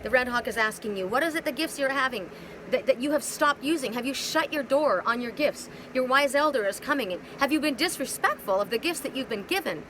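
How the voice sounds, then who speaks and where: A woman's voice: high-pitched, lively intonation, a little fast, background noise. Rambling woman giving a card reading. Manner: rambling, repeats words, many rhetorical questions. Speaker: oracle card reader. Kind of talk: live spiritual card reading. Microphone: phone.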